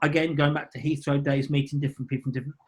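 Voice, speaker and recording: A man's voice: on the high side, level tone, racing. A man from Birmingham with a Birmingham accent, an actor talking as a podcast guest in a rambling way with many restarts. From Birmingham, England. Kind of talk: casual podcast chat.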